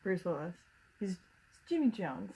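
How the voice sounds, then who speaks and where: Husky woman with a gravelly edge. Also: fairly low pitch, big pitch swings, unhurried, mellow, low-quality recording. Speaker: podcast co-host. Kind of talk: casual chat.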